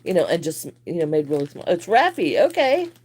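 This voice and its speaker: A woman's voice: fairly low pitch, sing-song, a little fast, darkish tone, slightly rough. A woman hosting a casual crochet livestream, chatting and greeting viewers by name with frequent laughs.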